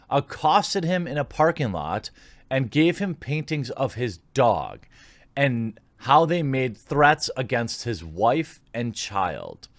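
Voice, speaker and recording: A man's voice: medium pitch, dry recording. A man giving opinionated commentary, sarcastic and indignant, reading posts aloud and reacting to them.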